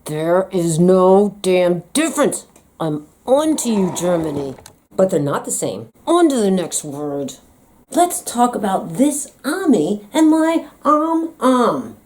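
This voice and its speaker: Animated American woman, playful vlogger. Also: mid-range voice, slow pace. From United States. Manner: playful, teasing, dramatic. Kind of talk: comedic vlog monologue.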